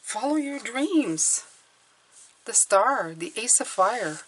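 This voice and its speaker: A woman's voice: on the high side, expressive, slow, a little hiss or hum. A woman reading tarot cards for her viewers, talking earnestly and encouragingly, often checking in with "okay?". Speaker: tarot reader.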